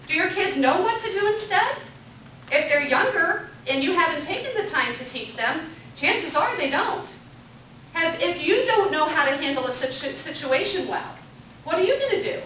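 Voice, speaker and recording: Brief: high-voiced woman instructor, bright tone, echoey room, distant mic. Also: slight background noise. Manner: upbeat, asks the group questions, repeats their answers. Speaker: parenting class instructor. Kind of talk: interactive classroom lecture.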